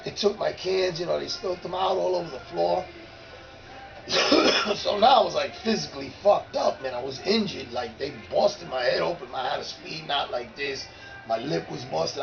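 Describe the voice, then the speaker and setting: A man in his fifties, a former graffiti writer, telling an animated, profane story in casual street talk. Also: fairly high pitch, moderate pace, lo-fi sound, over music. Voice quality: gravelly.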